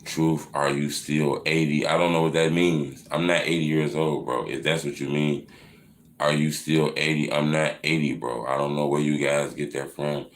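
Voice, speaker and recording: A man in his thirties hosting a casual live Q&A, answering viewer questions with profane, teasing banter that swings into loud mocking rants. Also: very deep voice, flat delivery, moderate pace, reverberant. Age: 30s.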